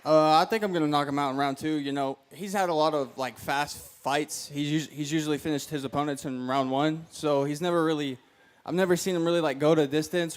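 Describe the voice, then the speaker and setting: Man, fighter, press conference, matter-of-fact, smooth resonant voice. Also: on the high side.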